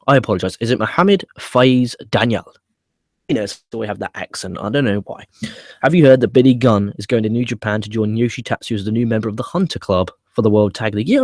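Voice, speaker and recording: A man's voice: fairly low pitch, no echo, clean studio sound. A man hosting a live wrestling review stream, chatting casually and swearing freely as he rambles through viewer comments. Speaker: wrestling review show host. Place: home setup with laptop.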